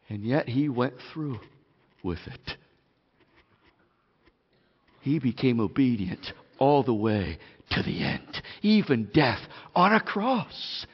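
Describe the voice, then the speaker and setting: A high-pitched man preaching to his congregation in church, dropping to near-whispers, then rising to loud emphasis. His voice is dull in tone and rings with long reverb from the hall. He talks casually to listeners, calling them "gang". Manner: dramatic swings from hushed to loud. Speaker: pastor. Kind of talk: sermon.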